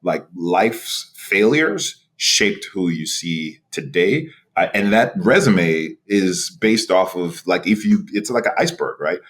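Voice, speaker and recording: Deep-voiced New York man telling his story. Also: slow pace, hardly any pauses. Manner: animated, frequent laughs and restarts, rhetorical "right?". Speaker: podcast guest, executive director. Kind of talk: storytelling interview.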